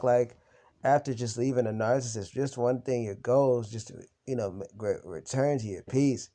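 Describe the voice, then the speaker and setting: A man's voice: medium pitch, mellow. A young man venting in an unscripted vlog, telling a heated story full of blunt slang and swearing. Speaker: vlogger on recovery from narcissistic abuse. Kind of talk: unscripted personal venting to camera.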